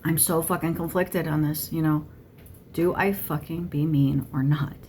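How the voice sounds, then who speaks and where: A woman's voice: low voice, fairly even intonation, unhurried, darkish tone, slight background noise. A woman giving a channeled monologue to camera, blunt and irritated, swearing constantly. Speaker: tarot channeler.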